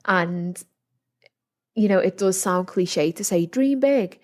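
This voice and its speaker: A young woman hosts a solo podcast, talking candidly and earnestly in a rambling way, saying "like" a lot and often restarting. Her medium-pitched voice is expressive with a darkish tone and a slow pace, recorded in a house in a forest with the window open.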